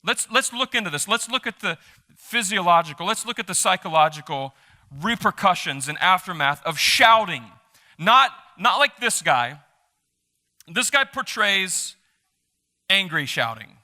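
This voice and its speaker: A man preaching a sermon as a pastor, reading scripture aloud with energy and dropping into quiet offhand asides. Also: high-pitched, measured pace. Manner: animated, shifts between loud reading and quiet asides. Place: church sanctuary. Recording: reverberant church hall.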